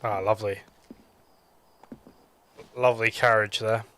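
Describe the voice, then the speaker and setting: A man's voice: lowish voice, steady tone, unhurried, pushed and bright. A young British man giving casual, joking commentary while streaming a game, chatting and interrupting himself.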